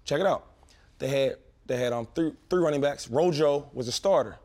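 A man in his thirties, a former pro football player, telling stories in a casual chat with slang, quick restarts and lots of animation. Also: medium pitch, a little mellow. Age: 30s.

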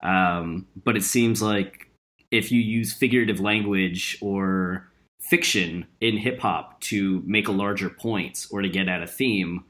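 A man's voice: low voice, steady tone, unhurried, fairly bright tone. A man hosting a casual chat who lays out careful, analytical points and asks long questions.

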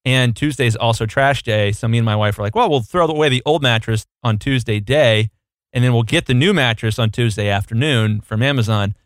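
A man's voice: medium pitch, fairly quick, dry recording, clean studio sound. A young adult man co-hosting a podcast in a casual, playful chat, telling jokey stories. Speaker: podcast co-host.

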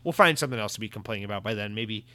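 A man's voice: lowish voice, rapid-fire. An American man hosting a podcast in a casual, rambling way, reading out listener comments and reacting to them. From United States. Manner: rambling, animated, reads listener comments aloud. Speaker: podcast host. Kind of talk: casual solo podcast chat.

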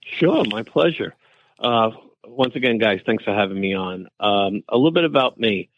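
A man's voice: lowish voice, expressive, normal speed, a little hiss or hum, low-quality recording. A man with a New York accent, a chef guest in an interview, telling his story in an easygoing, anecdotal way. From New York City. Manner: easygoing, anecdotal, quotes family in voices.

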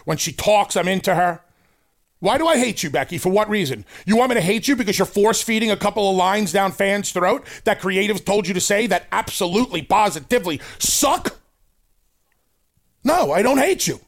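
A man co-hosting a wrestling talk show, ranting in an emphatic, animated way. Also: high-pitched, moderate pace, gravelly. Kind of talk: casual chat.

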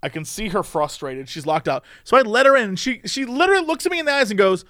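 A man co-hosting a podcast, telling stories in an animated way and laughing often as he chats casually. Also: sits high, quick pace, hardly any pauses, dry recording. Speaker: podcast co-host. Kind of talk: casual chat. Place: lives in a live-work office complex in a city.

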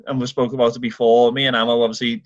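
Irish male podcast co-host, lively storyteller, dull lo-fi recording. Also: mid-range voice, quick pace, dry recording. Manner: enthusiastic, animated storytelling with acted-out quotes. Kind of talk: casual football chat.

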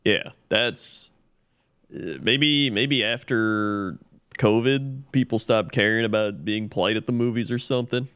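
A man co-hosting a podcast in relaxed, joking casual chat. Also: on the low side, unhurried, clean tone, no room sound. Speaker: podcast co-host.

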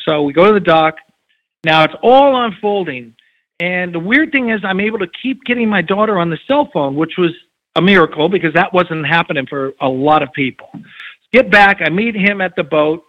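Middle-aged male guest, high-pitched, animated storyteller, muffled lo-fi audio. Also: moderate pace. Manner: animated, acts out quoted dialogue. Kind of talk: casual storytelling interview.

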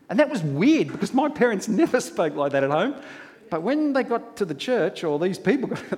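Lively preacher in echoey hall. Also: male voice, on the high side. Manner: folksy storytelling, rhetorical questions. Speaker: pastor. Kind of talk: sermon.

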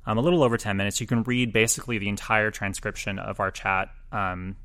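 A man co-hosting a music podcast, talking through chart news in a chatty, self-deprecating way with quick asides. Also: lowish voice, steady tone, fairly bright tone. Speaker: podcast co-host, chart reporter. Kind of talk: casual chart chat.

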